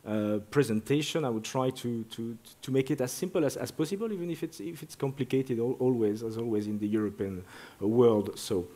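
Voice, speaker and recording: A man of middle pitch giving a conference presentation as a project director. He stumbles through his sentences, repeating short words several times before moving on. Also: a little fast, hardly any pauses, warm tone.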